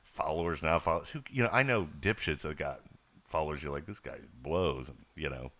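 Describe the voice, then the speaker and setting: A man's voice: rumbling low, lively intonation, fast, a bit bright, a little hiss or hum. A man hosting a podcast in casual chat, rambling and profane as he tells stories. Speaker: podcast host.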